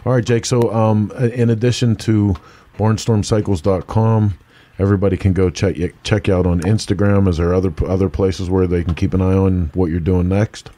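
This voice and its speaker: A man's voice: low voice, fairly even intonation, moderate pace, warm tone. A man with a Pittsburgh accent hosting a casual interview, enthusiastic and laid-back in a chummy way. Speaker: show host.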